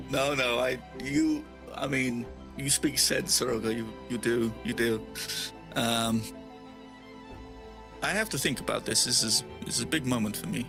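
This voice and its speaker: A man's voice: mid-range voice, a little slow, vocal fry, pauses often, over music. A man speaking in character during a tabletop role-playing game, often laughing and hesitating mid-sentence. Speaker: player.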